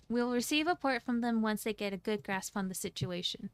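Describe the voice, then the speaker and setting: A woman streamer narrating a game story aloud in an animated way. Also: fairly high pitch, fairly quick, clean tone, no room sound. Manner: animated, laughs often, self-correcting. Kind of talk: narration with voiced characters.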